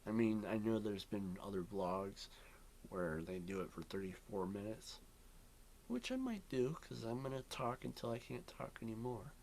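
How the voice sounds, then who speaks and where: A man's voice: on the low side, steady tone, normal speed, darkish tone, a little hiss or hum. Rambling young man in a bedroom vlog. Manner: rambling, drifting, many ums and yawns. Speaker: vlogger. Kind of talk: rambling casual vlog chat. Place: bedroom at home.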